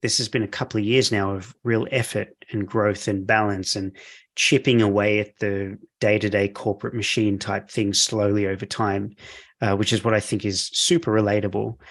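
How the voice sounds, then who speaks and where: A middle-aged man hosting a podcast, enthusiastic and encouraging in casual chat. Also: lowish voice. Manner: enthusiastic, encouraging, laughs easily. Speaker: podcast host.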